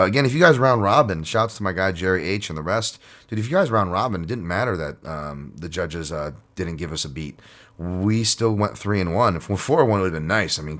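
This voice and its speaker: A man with a very low voice hosting a solo podcast. He rambles casually, swearing freely and scattering fillers through his sentences. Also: a bit bright. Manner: rambling and profane, with frequent fillers and laughs. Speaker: podcast host.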